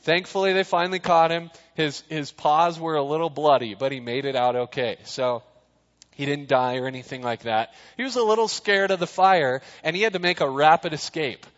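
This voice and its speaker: Youth-pastor type, man, casual jokey preaching, slightly higher voice, long hall echo. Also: normal speed, fairly bright tone. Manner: chatty, jokey, asks the crowd questions. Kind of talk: casual sermon. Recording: dull sound in a reverberant hall.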